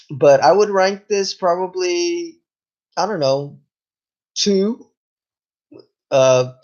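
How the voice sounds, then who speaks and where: A laid-back man reviewing a TV episode in a loose, rambling chat. He drops casual swears and keeps getting caught by hiccups. His voice sits fairly high, and the recording sounds a little dull and lo-fi. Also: darkish tone. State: has hiccups. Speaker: TV show reviewer.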